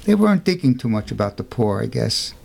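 A man in a middle-pitched voice telling a saint's story on a talk show. He speaks conversationally and punches key points with emphatic rhetorical questions. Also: very animated, a little fast, creaky, darkish tone, breathy edge.

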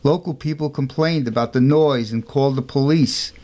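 A man in a middle-pitched voice telling a saint's story on a talk show. He speaks conversationally and punches key points with emphatic rhetorical questions. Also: normal speed, warm tone.

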